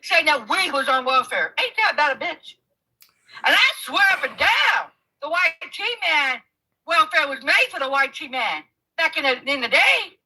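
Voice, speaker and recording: A woman arguing in a heated livestream debate, swearing constantly, angry and talking over the other person, often bursting into shouts. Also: high-pitched, lively intonation, moderate pace, rough recording. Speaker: guest in a live debate.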